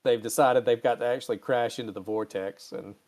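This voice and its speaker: A man hosting a casual podcast recap, swearing freely and jumping into quick character quotes with lively pitch swings. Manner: animated, jumps pitch when quoting characters. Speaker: podcast host recapping episodes.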